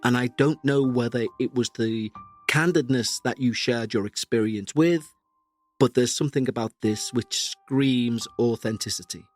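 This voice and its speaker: A Scouse man hosts a paranormal podcast, reading a listener's account and then talking it over in an earnest, measured tone at an ordinary pitch. His throat is still a little sore. Faint music plays underneath. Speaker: podcast host.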